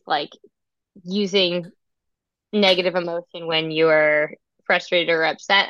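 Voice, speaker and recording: A woman speech-language pathologist in casual podcast chat, an animated storyteller who says "like" often. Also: fairly low pitch, dry recording, muffled recording.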